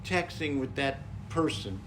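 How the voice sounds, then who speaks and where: Gentle mild-mannered man, noisy recording. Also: mid-range voice, measured pace. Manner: gentle, calm and mild even when voicing anger. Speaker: podcast co-host. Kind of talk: casual conversation, practicing honest communication.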